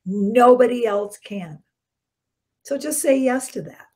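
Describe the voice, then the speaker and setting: A woman's voice: a little high, slow. Woman giving a chatty spiritual talk. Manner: conversational, warm-hearted preaching with soft dropped endings and bursts of emphasis. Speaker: minister. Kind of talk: short spiritual talk to camera.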